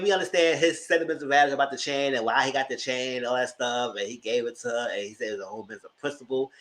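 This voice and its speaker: A man's voice: very fast, few pauses. A man hosting a channel, recapping TV episodes in casual, gossipy commentary, swearing freely and jumping into squealed exclamations. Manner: animated, gossipy retelling with frequent swearing; breaks into high squealing exclamations. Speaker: TV show reviewer and channel host.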